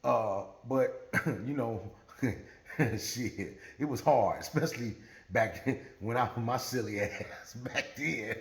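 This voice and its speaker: A man's voice: mid-range voice, slow pace. A man telling a true story in a casual, profane, laughing way, with roomy echo. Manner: profane, animated, laughing often.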